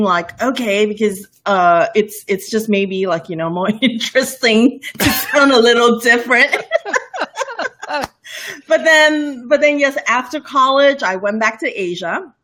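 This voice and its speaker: A woman's voice: mid-range voice, a bit bright. Giggly woman with a Bornean lilt. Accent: light Bornean lilt with mixed international English. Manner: chatty and giggly, many fillers and restarts. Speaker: livestream cooking show host, guest. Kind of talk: casual interview chat.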